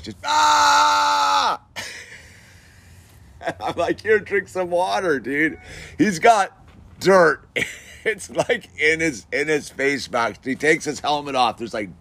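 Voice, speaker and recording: A man's voice: medium pitch, pushed and bright. A man casually telling an anecdote, chatty, laughing often and full of filler words. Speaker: storyteller.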